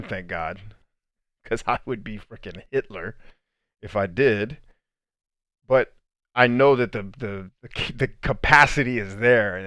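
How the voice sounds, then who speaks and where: A man's voice: lowish voice, fairly bright tone, dry recording. A man hosting a motivational podcast, talking bluntly and emphatically with casual profanity and frequent "right?" asides. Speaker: podcast host and coach.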